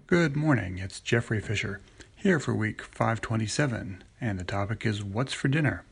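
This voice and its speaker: Gravelly, husky man reading stories. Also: fairly low pitch, animated, moderate pace. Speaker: story contributor.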